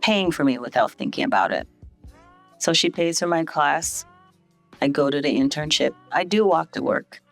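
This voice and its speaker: With a deep voice at normal speed and faint music behind, a middle-aged hospital CEO from St. Vincent tells her life story on a podcast in an easygoing way. She's an animated storyteller who raises her voice to act out what other people said.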